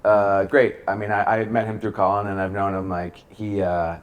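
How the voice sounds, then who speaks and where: A man's voice: fairly low pitch, little pitch movement, normal speed, dull audio. A man as a guest in a casual chat, talking loosely with lots of filler words.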